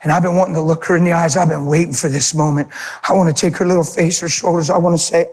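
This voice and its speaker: A man preaching, telling a personal testimony in an animated, emotional storytelling manner. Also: a little high, fast, big-room sound. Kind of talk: sermon testimony.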